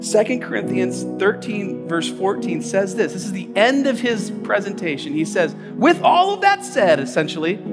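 A man with an American accent preaching a conversational, animated sermon as pastor, often repeating words and acting out voices. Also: high voice. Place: church sanctuary. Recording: church hall reverb with music behind. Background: soft instrumental music.

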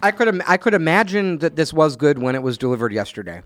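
A man's voice: a little high, sing-song, fast. A man hosting a casual chat, playful and teasing.

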